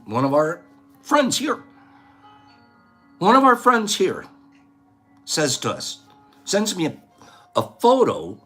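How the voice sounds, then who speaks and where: A man's voice: a little high, a bit bright, husky. A man hosting a casual vlog, rambling and lecturing as he talks. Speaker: host.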